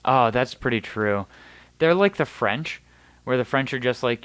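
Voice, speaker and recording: A man in relaxed conversation, his voice smooth and resonant, recorded close and dry. He speaks bluntly and drops casual swears. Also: medium pitch, normal speed, no echo. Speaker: guest. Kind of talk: casual chat.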